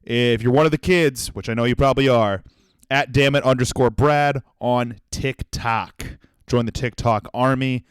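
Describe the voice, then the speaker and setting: A man's voice: mid-range voice, steady tone, measured pace, smooth, no echo, studio quality. A young man hosting his own comedy podcast alone, swearing freely and swinging from jokes to sincere, self-deprecating reflection. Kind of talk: solo comedic monologue.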